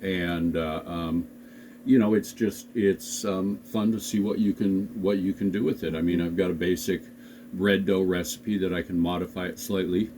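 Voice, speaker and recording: A man chatting casually in a home bedroom, hesitant and halting, with many ums. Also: low-pitched, fairly even intonation, darkish tone, slight background noise. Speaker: vlog co-host. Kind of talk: casual chat. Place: home bedroom, sitting on the bed. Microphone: camera on a desk.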